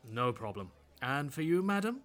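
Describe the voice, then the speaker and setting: A man's voice: a little high, very animated, moderate pace, a bit bright. A man playing a polite, patient pizzeria waiter who speaks formally to his customers.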